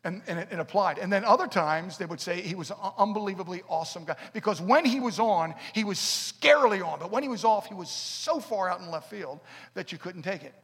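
Husky-voiced man preaching in an echoey hall. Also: high voice, fairly quick. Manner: animated storytelling, swings from loud to hushed. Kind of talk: sermon with personal testimony. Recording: echoey hall, long reverb.

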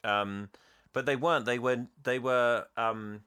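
A man co-hosting a podcast, casually recapping a movie in a rambling, animated way. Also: mid-range voice, measured pace, clean tone. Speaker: podcast co-host. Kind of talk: casual film recap chat.

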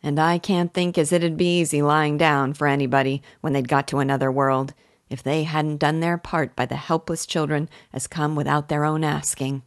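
A kindly, earnest village wife who rambles on in homely rustic speech, as a woman reading aloud puts her on. Her voice sits low and is recorded close and dry. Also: little pitch movement, moderate pace, no room sound.

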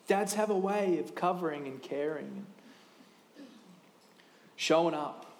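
A man in his thirties preaching a sermon in a lively, conversational way, with quick asides and restarts. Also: fairly high pitch, creaky, roomy sound, slight background noise. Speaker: pastor.

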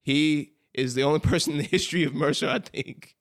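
A man co-hosting a podcast with a Southern US accent, telling a college story in casual chat, animated and quick to laugh. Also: fairly high pitch, gravelly. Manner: animated storyteller, laughs often, says "bro". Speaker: podcast co-host.

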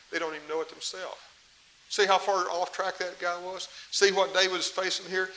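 A man's voice: sits high, bright, forceful tone, poor audio. A middle-aged man preaching a sermon in a folksy, emphatic way, with asides to the congregation. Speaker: pastor. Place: church. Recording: faint hiss, 1990s tape.

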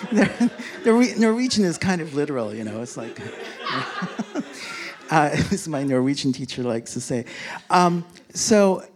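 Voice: mid-range voice, sing-song, slow pace, crowd noise. A speaker telling a casual travel anecdote, rambling with many fillers and restarts, chuckling along and acting out what others said. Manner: rambling, full of fillers and self-corrections; chuckles while telling, acts out quoted speech. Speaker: storyteller. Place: lives in a big city, abroad on a trip.

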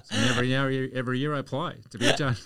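A man's voice: mid-range voice, steady tone, rapid-fire, a bit bright, dry recording. An Australian man, a podcast guest, telling anecdotes in a chatty way. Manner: chatty, anecdotal, chuckles through stories. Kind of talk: casual storytelling.

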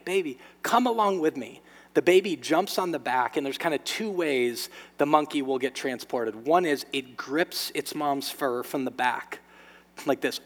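Man preaching, higher-pitched voice, animated storytelling, hushed then booming, long hall reverb. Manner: animated storytelling, swings from hushed to loud emphatic. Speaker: pastor. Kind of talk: sermon.

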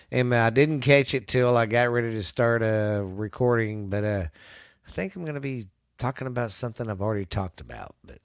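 A man hosts his ghost story podcast with a blocked, stuffy nose from a cold. His pitch sits in the middle range, and the recording is dry and close. He rambles, repeats himself, and sometimes sinks into a low spooky murmur. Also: gravelly, no room sound. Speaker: podcast host. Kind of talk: casual chat.

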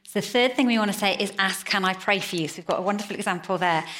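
A woman's voice: medium pitch, fast talker, a bit bright. A woman preaching a sermon in a conversational way, telling stories. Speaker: pastor. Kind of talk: sermon with storytelling.

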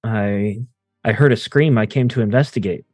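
A man's voice: lowish voice, moderate pace, darkish tone, dry recording, clean studio sound, soft background music. A man playing a tabletop game, giving short, casual replies in and out of character. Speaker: player.

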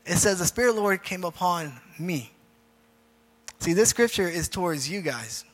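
In a reverberant church hall with faint music, a man with a high voice and lively intonation preaches at a normal speed. He's a youth pastor giving a casual youth sermon with an altar call, repeating phrases informally and guiding a group prayer.

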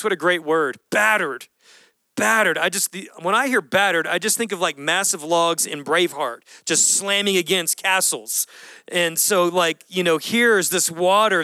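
Pastor, male, high and bright voice, clear and dry, casual animated preaching. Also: dry recording. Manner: animated storytelling, acts out voices, casual slang. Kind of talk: sermon.

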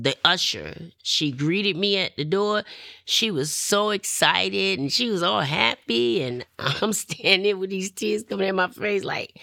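A middle-aged woman, telling her personal testimony in an animated way and acting out what others said. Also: lowish voice, vocal fry, no echo, studio quality. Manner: animated, acts out quoted voices, laughs often. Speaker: testimony speaker.

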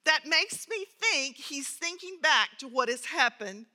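Bright, high-voiced woman teaching scripture. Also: expressive, measured pace. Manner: earnest, reads scripture aloud and adds commentary. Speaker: Bible study teacher. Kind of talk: Bible lesson with storytelling. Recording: reverberant hall.

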